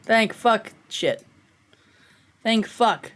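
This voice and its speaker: A woman streamer giving casual commentary over a game, excitable, swearing and laughing often. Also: mid-range voice, normal speed.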